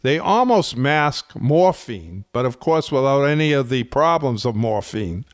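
Slow, deliberate man explaining breathing. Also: mid-range voice, animated, no echo, clean studio sound. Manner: slow, deliberate, emphatic phrasing. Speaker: fitness instructor. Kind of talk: slow explanatory talk to camera.

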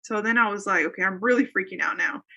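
Earnest, bright-voiced woman telling her story. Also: medium pitch, fast, creaky. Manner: earnest, rambling, with many fillers and restarts. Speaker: guest telling a faith testimony. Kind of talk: casual conversational storytelling.

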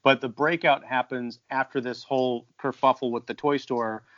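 A man's voice: medium pitch, fairly even intonation, moderate pace, fairly bright tone, no echo. Brief: thoughtful podcast guy breaking down a movie, dry lo-fi call sound. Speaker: podcast co-host. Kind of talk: casual film discussion. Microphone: video call. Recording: dry dull video call audio.

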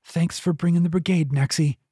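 A man voicing a tough young woman thief in an audiobook, with a raised pitch and a terse, defiant way of talking. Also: fairly even intonation, a little fast, mellow, slightly rough, no echo, studio quality.

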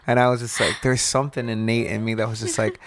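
A man's voice: fairly low pitch, little pitch movement, fast, no echo. A young man co-hosting a podcast in casual, jokey chat, laughing often. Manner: laid-back, jokey, laughs a lot. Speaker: podcast co-host.

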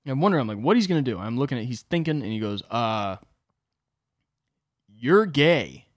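A man's voice: medium pitch, animated, racing, darkish tone, no room sound, studio quality. A young adult man hosting a solo podcast, telling a comedic story with profane, rambling asides. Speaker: podcast host.

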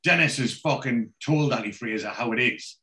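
A man's voice: mid-range voice, normal speed, sharp tone. A man chatting casually, retelling the scenes of a TV episode and swearing freely as he goes. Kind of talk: casual TV episode recap chat.

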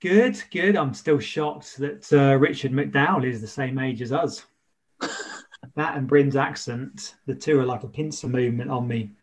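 A man's voice: medium pitch, measured pace, husky. A man hosting a podcast in casual chat, enthusiastic and chummy, calling his co-host mate.

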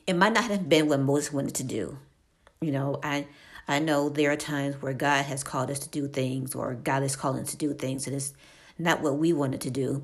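Slow, low-voiced woman reading scripture. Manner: halting, with fillers and restarts. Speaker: Bible teacher. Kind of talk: Bible reading and devotional talk.

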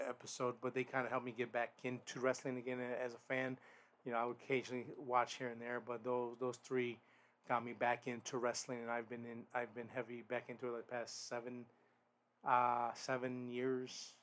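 A man's voice: medium pitch, completely flat delivery, moderate pace, a bit bright. Rambling man reviewing wrestling. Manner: rambling, frequent restarts and fillers; blunt, swears. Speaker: podcast host. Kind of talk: casual solo wrestling review.

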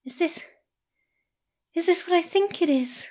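A woman's voice: very high-pitched, expressive, normal speed, pitched above the performer's own voice. A woman voicing a gushing, affectionate young woman in a storybook reading.

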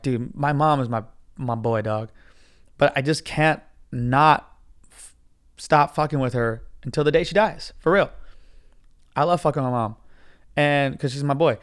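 A man hosting a podcast alone, telling a story in a casual, profane, excitable way and saying "dude" all the time, his voice a little hoarse. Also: fairly high pitch. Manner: profane, animated, says dude constantly. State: hoarse from cigars. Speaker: podcast host.

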